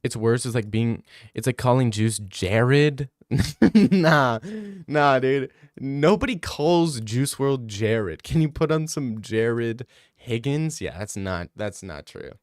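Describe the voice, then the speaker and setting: A man's voice: medium pitch, expressive, slow pace, no room sound, clean studio sound. A young man from Canada streaming live, reading chat aloud and answering it with sarcastic, laughing banter.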